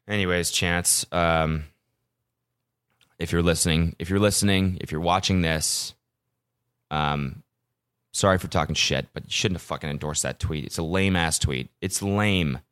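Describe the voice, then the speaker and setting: A man's voice: low-pitched, unhurried, fairly bright tone, clean tone. A young man hosting a podcast, ranting casually with profanity and self-mocking storytelling. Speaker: podcast host. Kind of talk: casual solo podcast rant.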